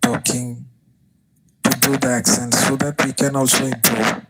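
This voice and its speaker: A man's voice: mid-range voice, level tone, music in the background. Hesitant man asking a question. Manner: hesitant, halting speech. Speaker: student.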